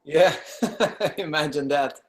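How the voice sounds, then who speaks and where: A man's voice: fairly high pitch, takes it slowly. A man hosting an interview, asking curious, carefully framed questions. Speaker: interviewer host. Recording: echoey room.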